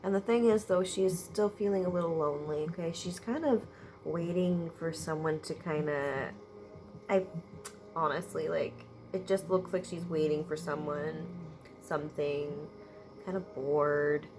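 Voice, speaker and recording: Woman, energy reader, low-ish voice, slow and halting, sighs between thoughts, noisy ambience behind. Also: a little mellow. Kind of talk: spiritual energy reading to viewers.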